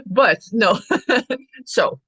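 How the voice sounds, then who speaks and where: A woman co-hosting a casual spiritual chat show, speaking in a slow, drawn-out way and laughing often. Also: mid-range voice, expressive, bright, forceful tone, husky, no echo. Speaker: podcast co-host.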